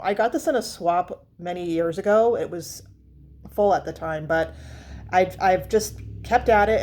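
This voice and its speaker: A woman's voice: medium pitch, darkish tone. A woman vlogger chatting casually about perfumes, rambling with fillers and restarts. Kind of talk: casual chat.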